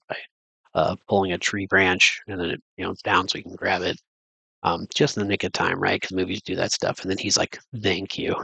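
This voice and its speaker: A man's voice: low-pitched, gravelly, bright, forceful tone, dry recording, rough recording. A man recapping a movie in a casual, rambling way, full of fillers and restarts. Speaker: movie reviewer. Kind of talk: casual spoken film recap.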